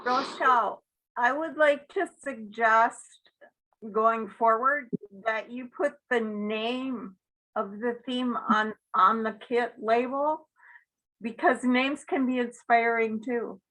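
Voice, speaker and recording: A woman on a video call calmly offers a suggestion in a measured, polite way. Her voice is bright and a little high, and she speaks slowly. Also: low-quality recording. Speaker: longtime board member.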